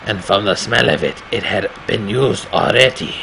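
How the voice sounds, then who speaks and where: A man putting on a strained, raspy voice to read a game's horror narration slowly and grimly. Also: fairly low pitch, expressive, bright, forceful tone, a little hiss or hum, exaggerated voice, poor audio. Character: gravelly grown man narrating his own horror story.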